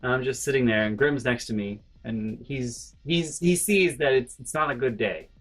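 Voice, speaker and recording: A man vlogging a personal story in an animated way, swinging between hushed and loud and swearing freely. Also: mid-range voice, moderate pace, rough recording. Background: faint background music.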